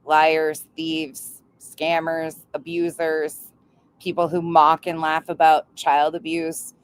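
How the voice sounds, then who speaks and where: A woman's voice: deep voice, slight background noise. A woman hosting reaction commentary, answering clips in a sarcastic, cutting way. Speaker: commentary host.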